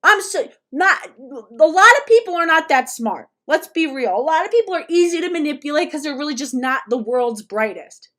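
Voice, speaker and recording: Super high voiced woman ranting, swearing a lot, talking straight at someone, keeps repeating herself. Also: lively intonation, normal speed, hardly any pauses, bright, forceful tone. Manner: angry, profane, berating someone directly; repetitive, stumbling restarts. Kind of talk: direct-address rant.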